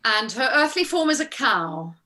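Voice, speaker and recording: A woman's voice: a little high, very animated, normal speed, pushed and bright. A woman being interviewed as a guest actress. She tells her stories casually, acting out the lines people said and laughing often. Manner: chatty, acts out quoted exchanges, laughs often.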